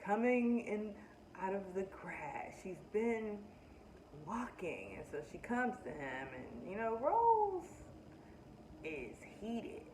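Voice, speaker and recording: A woman's voice: mid-range voice, sing-song, takes it slowly, a little mellow, slight background noise. A woman talking casually and with strong opinions as she reviews a show, speaking straight to her viewers. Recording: echoey room, distant mic, faint ambience.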